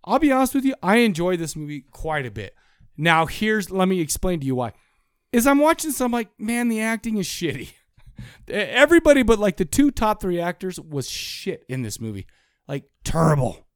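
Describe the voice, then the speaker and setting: A man's voice: high voice, very animated, moderate pace, clear, resonant tone, no room sound, clean studio sound. A man co-hosting a podcast, chatting casually about a movie in a rambling, profane way and laughing often. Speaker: podcast co-host. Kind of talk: casual chat.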